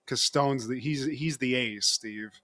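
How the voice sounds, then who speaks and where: A man's voice: medium pitch, measured pace, sharp tone, dry recording. A man co-hosting a podcast, recapping a TV episode in casual chat, joking and laughing often. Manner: jokey, laughing often, slips into mock voices. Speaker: podcast co-host.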